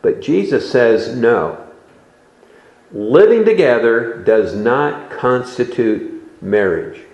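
Slow, deliberate male preacher in an echoey hall. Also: mid-range voice, animated, a little mellow, lo-fi sound. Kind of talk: sermon.

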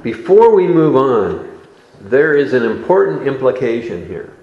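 A man preaching a sermon in a slow, deliberate expository style, recorded in a church sanctuary. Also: medium pitch, very animated, echoey room, phone-quality sound.

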